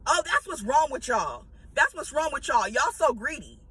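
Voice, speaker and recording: A woman's voice: high voice, very animated, normal speed, pushed and bright, a little hiss or hum, heavily acted. A woman voicing an irritated elderly woman shopper who complains over and over. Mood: complaining. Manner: complaining, repetitive.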